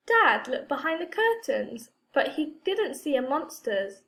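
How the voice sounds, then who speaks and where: An expressive woman reading a children's picture book aloud. Her high voice moves in lively swoops at an unhurried, slow pace. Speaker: storyteller. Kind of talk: children's storybook read-aloud.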